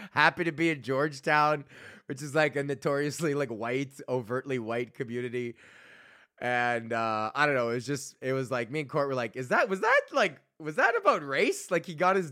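A man's voice: a little high, bright, forceful tone, no room sound, studio quality. A young man hosting a podcast, ranting casually with constant swearing, rambling asides and frequent laughter. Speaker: podcast host. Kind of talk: profane casual rant.

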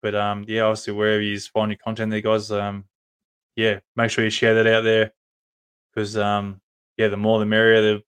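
Man, Australian accent, podcast host, casual chat, rambling, flat even pitch, smooth clear voice. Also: normal speed. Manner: rambling, many ums and restarts. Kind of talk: casual live-stream chat.

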